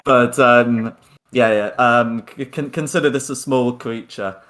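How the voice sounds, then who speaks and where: A man's voice: mid-range voice, steady tone, measured pace, fairly bright tone. A man acting as game master, narrating hesitantly with many ums and repeated words. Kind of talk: running a tabletop game.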